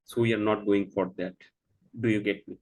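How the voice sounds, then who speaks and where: A man playing a doctor in a mock consultation, explaining slowly and haltingly with many filler sounds, and checking that the patient understands. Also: lowish voice, flat delivery, a little mellow, poor audio. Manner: checks understanding with "Do you get me?".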